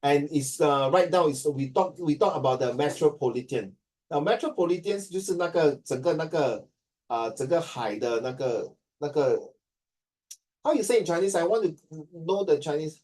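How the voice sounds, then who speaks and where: A Singaporean man teaching a class, his voice a little high and soft-edged. He jokes as he goes and slips between English and Chinese. He sounds a bit distant from the microphone. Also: animated, moderate pace. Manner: joking, mixing English and Chinese.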